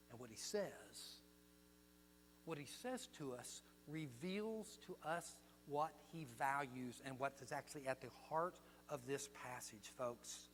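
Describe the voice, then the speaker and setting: An older man preaching a sermon as pastor, telling stories and swinging from hushed to loud. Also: medium pitch, measured pace. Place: church sanctuary. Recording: long hall reverb with mains hum.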